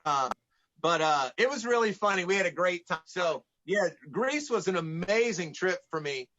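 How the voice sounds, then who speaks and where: A man from Atlanta, a podcast guest, chatting casually and telling lively anecdotes, acting out the people he quotes. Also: high voice, moderate pace, lo-fi sound. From United States, Atlanta. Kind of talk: casual storytelling in conversation.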